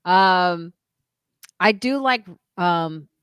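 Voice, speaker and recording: A woman's voice: fairly low pitch, lively intonation, drawn-out words, a bit bright, clear, resonant tone, no echo, clean studio sound. A woman co-hosting a podcast in casual chat, telling stories animatedly and laughing often. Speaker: podcast co-host.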